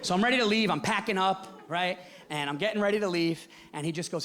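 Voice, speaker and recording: A man in his forties performing a stand-up set, telling stories animatedly and shouting his punchlines. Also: sits high, fast talker, hardly any pauses. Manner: animated storytelling, shouting punchlines, acting out characters. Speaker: stand-up comedian. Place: theater stage before a live audience. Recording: live show with loud crowd laughter.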